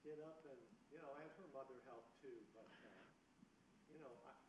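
A man's voice: medium pitch, normal speed, a little hiss or hum. A man from the audience sharing a story casually, rambling and informal. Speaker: audience member. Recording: roomy, distant from the mic.

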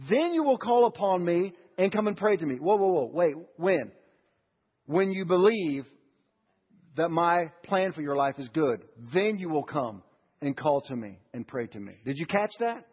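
Preaching man with a husky voice in a reverberant church. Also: high voice, lively intonation, unhurried. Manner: preaching with rhetorical questions, rising emphasis. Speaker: pastor. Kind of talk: sermon. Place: church sanctuary. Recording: dull audio with long church reverb.

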